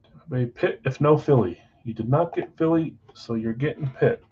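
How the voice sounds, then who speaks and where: A man's voice: medium pitch, normal speed, husky, lo-fi sound. Chatty man rattling off names. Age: adult, married. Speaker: card break host. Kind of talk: casual live-stream chat. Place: basement card room.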